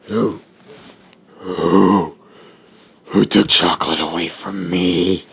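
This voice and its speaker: A man's voice: sits low, fairly even intonation, slow pace, gravelly, a bit bright, breathy edge, pitched below the performer's own voice, exaggerated voice. A man voicing a whiny, dramatic teenage girl in a spoken story.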